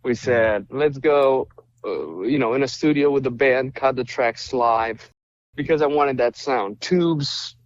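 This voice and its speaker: A male musician from Romania chatting as a podcast guest, telling lively stories and acting out what people said. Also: mid-range voice, measured pace, lo-fi sound. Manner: animated storyteller, acts out quoted dialogue. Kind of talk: casual interview chat.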